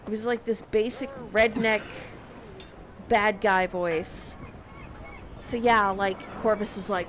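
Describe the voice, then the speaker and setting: A woman's voice: medium pitch, fairly even intonation, takes it slowly, pauses often, a bit bright, a little hiss or hum. A young woman casually recapping a game, sarcastic and profane in her exasperation. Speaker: game reviewer.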